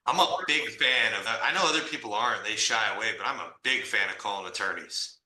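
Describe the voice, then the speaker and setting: A man's voice: lowish voice, a little fast, sharp tone. A man, hosting a casual chat, blunt and slangy, telling deal stories with animation. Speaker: podcast host, real estate investor. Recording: echoey room.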